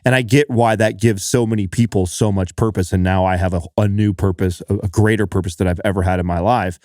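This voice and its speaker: Passionate low-voiced man, emphatic. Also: steady tone, a little fast, darkish tone, no echo, studio quality. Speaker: podcast guest, fitness co-host. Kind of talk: casual chat.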